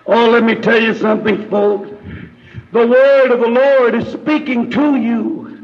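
High-voiced chanting revival preacher man. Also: fairly even intonation, a little slow, lo-fi sound. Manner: chanting, rhythmic preaching cadence. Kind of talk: revival sermon.

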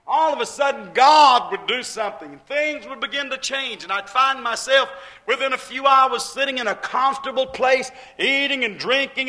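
High, bright-voiced folksy preacher. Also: male voice, rough recording. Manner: emphatic, folksy and repetitive, with plain homespun speech. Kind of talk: sermon.

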